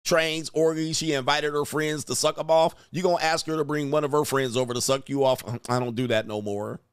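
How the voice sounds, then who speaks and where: A man's voice: fairly high pitch, fairly even intonation, a little fast, clean tone, no echo. Sneering man in a dry booth. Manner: coarse, sneering, laughs at what he reads. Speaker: host reacting to online clips. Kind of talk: crude mocking reaction commentary.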